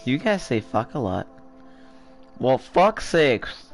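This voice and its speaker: A man's voice: medium pitch, sing-song, takes it slowly, soft background music. Sweary, teasing man gaming with a friend. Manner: sweary, teasing, laughs often. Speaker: channel host playing co-op. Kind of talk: casual gaming chat.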